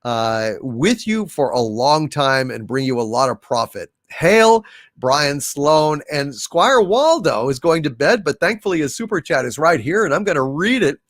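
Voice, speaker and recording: A man hosting a casual live stream, reading out viewer messages and now and then slipping into recited verse, song and impressions, with a halting way of talking full of fillers and restarts. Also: mid-range voice, sing-song, a bit bright, no echo, clean studio sound. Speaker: livestream host.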